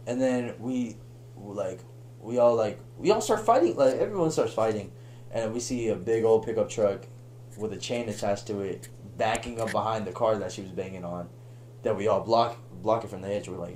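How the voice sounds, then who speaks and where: A young man telling a long story on a podcast in a casual, animated way, laughing and acting out the voices of the people in it. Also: lowish voice, moderate pace, a little hiss or hum. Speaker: podcast guest.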